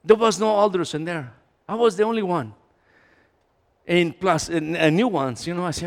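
High-voiced male pastor in an echoing hall. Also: moderate pace. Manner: animated, conversational preaching that swings between loud and quiet. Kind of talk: sermon. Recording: echoey hall.

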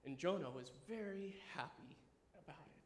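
A man in his thirties preaching a sermon, animated and enthusiastic, dropping at times to a quiet, earnest tone. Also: on the high side, normal speed, a little hiss or hum. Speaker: pastor. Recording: echoey room with faint ambience.

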